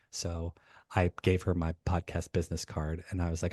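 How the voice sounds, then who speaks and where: A man's voice: deep voice, no echo. Man telling a story, dry close sound. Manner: animated, rushed retelling with many restarts. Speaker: podcast guest. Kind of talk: casual storytelling.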